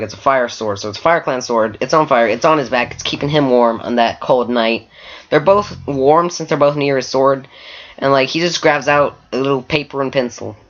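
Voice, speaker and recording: A man's voice: mid-range voice, a bit bright, muffled recording. A man casually retelling a story from an online game, rambling with lots of "like" fillers and restarts.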